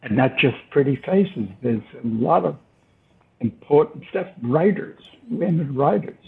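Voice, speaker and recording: A man's voice: mid-range voice, expressive, unhurried, vocal fry. An older man, a guest recalling his past, speaking thoughtfully with hesitant restarts. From United States. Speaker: interview guest. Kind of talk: reflective storytelling. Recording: tinny phone-line sound.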